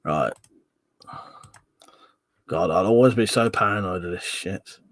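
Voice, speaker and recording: A man's voice: deep voice, measured pace, dry recording. A man hosting a casual livestream, reading out viewer comments and swearing freely as he chats. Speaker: livestream host.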